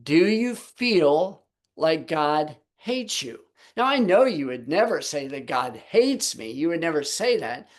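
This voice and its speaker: A man's voice: on the high side, big pitch swings, slow pace. A man teaching the Bible on a Sabbath video call, posing rhetorical questions to his listeners.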